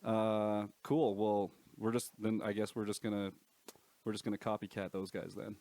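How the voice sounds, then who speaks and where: A man's voice: fairly low pitch, flat delivery, normal speed, warm tone, no room sound. A man hosting a casual podcast, talking in a laid-back, rambling way and swearing casually. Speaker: podcast host.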